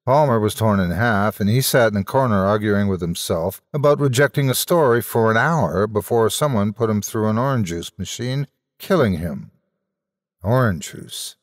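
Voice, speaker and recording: A man's voice: on the low side, dry recording, clean studio sound, big-room sound. A man narrating a comic science-fiction story in a theatrical, wry manner.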